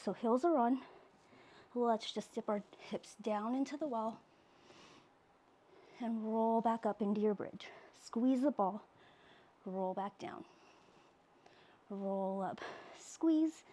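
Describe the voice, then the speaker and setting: A pilates instructor coaches her class through moves as she exercises alongside them, growing breathless with audible exhales. She speaks slowly in a slightly high, warm voice and pauses often.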